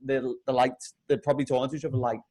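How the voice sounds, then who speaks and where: A man's voice: mid-range voice, very fast. A young man co-hosting a podcast, telling stories in casual chat and swearing a lot. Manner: animated swearing storyteller. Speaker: podcast co-host.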